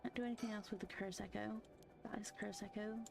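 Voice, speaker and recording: A woman's voice: mid-range voice, steady tone, fast, creaky, over music, poor audio. A woman streamer chatting casually while playing a game, laughing often and reading dialogue aloud.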